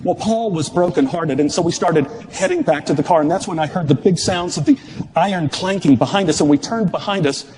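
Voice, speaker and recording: A man in his sixties from Dallas telling a personal story live on stage, with expressive, shifting pacing and wry humor. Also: on the high side, fairly quick, big-room sound, crowd noise. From Dallas, Texas. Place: stage before an audience.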